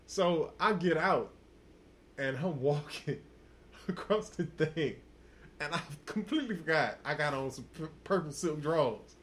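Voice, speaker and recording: A man's voice: fairly high pitch, lively intonation, normal speed, a bit bright. A man on a podcast telling a crude, profane story in casual talk, laughing often. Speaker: podcast host.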